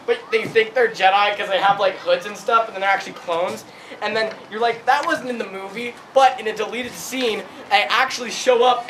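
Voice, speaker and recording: High-voiced giggly young man rambling. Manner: giggly, rambling, full of fillers, voices shouted quotes. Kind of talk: rambling improvised comedic storytelling. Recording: clear background noise.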